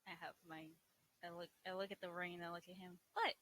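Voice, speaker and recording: A woman playing a tabletop game, excitable and quick to cheer. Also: on the low side. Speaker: player.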